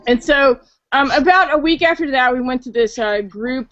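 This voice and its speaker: A woman's voice: high-pitched, normal speed, fairly bright tone, no room sound. A woman telling a casual story on a call-in chat show, swearing often and leaning on 'like'. She sounds a bit tipsy. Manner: chatty, swearing, lots of filler 'like'. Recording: dull, dry lo-fi call audio.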